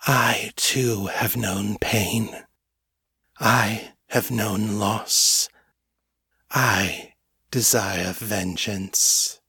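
An ancient, alien presence speaks in hushed, gentle tones, voiced by a man reading a story aloud. Every word comes low and drawn out, calm in a way that unsettles. The sound is close and dry, with no room around it. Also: slightly rough, dry recording, heavily acted. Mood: calm menace. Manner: slow, gentle, unnervingly calm. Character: ancient alien entity, calm, quiet, menacing.

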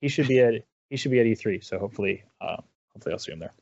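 A man with a fairly low voice, talking as an interview guest in an easy, rambling way with plenty of false starts. The sound is dry and close, with a dull, lo-fi quality like an online call. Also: lively intonation, creaky, a little mellow, no room sound. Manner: rambling, halting, with many restarts. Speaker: interview guest, esports caster. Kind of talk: casual chat.

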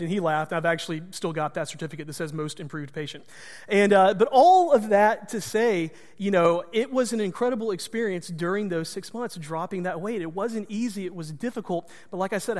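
A pastor with a high-pitched voice tells a personal story from the pulpit, chatty and poking fun at himself. His voice rings out with a long reverb, as in a large hall. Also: fairly quick. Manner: conversational, self-deprecating humor. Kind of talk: storytelling sermon.

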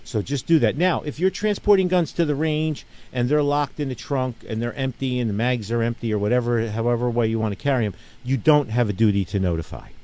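A middle-aged man hosts a casual radio talk show in a voice of ordinary middle pitch. He talks emphatically and often checks in with his listeners. He rambles through stories, restarting his sentences as he goes. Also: fairly quick, few pauses, dark tone. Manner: rambling storyteller with frequent restarts. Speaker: radio show host and gun range owner.

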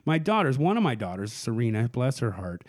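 A man's voice: mid-range voice, big pitch swings, fairly quick. A man in his forties from Portland, a comedian, telling rambling stories in casual podcast chat and acting out other people's voices. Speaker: comedian guest.

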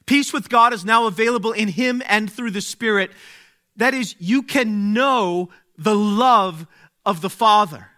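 A man preaching a sermon, speaking slowly and deliberately, dropping to a hush and then rising to exclaim. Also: sits high. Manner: slow, deliberate, swings from hushed to exclaiming.

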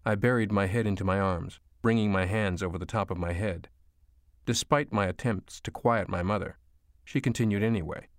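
Steady male audiobook narrator. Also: low-pitched, normal speed, dry recording, clean studio sound. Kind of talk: first-person audiobook narration. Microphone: studio mic.

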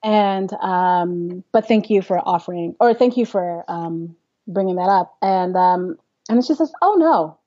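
A woman's voice: lowish voice, measured pace, warm tone, no room sound, muffled recording. A young adult woman, a classical singer, telling her story in a casual interview, laughing often and acting out quotes. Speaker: interview guest.

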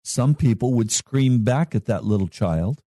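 A male pastor preaching a sermon in a slow, measured way with long pauses. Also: mid-range voice, animated, dark tone, no room sound, studio quality.

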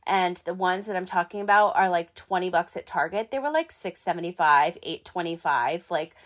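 A woman in her thirties hosting her own podcast, talking in a chatty, excitable, rambling way with lots of fillers. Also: on the low side, moderate pace. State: hiccups. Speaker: podcast host. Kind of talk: casual solo podcast talk.

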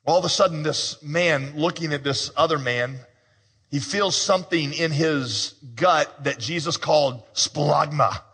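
A man's voice: a little high, measured pace, bright, forceful tone, breathy edge, big-room sound. A man preaching a sermon as pastor, telling a story in a conversational way with humorous asides.

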